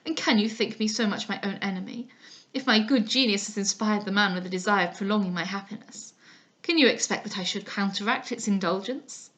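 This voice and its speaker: A woman reading the part of an ardent, pushy gentleman suitor who speaks in effusive, flowery declarations. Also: medium pitch, brisk, close to an everyday voice. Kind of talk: dramatized audiobook reading.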